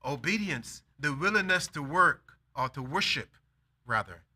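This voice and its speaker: A male preacher with a very bright, forceful voice delivers a sermon through a personal story. He acts out both sides of a conversation, then hammers home his points with emphatic declarations. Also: fairly high pitch, expressive, a little slow.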